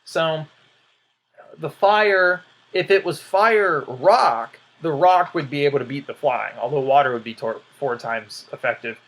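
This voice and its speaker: A man's voice: on the high side, a little slow, a bit bright. A man giving casual video commentary, rambling and hesitant, often trailing off into "um" and "I don't know". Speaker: YouTuber.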